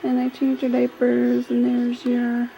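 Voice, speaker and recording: Woman, new mother, high voice, soft baby talk, home camcorder. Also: monotone, a little slow, vocal fry, slight background noise, poor audio. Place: living room at home. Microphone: handheld camcorder.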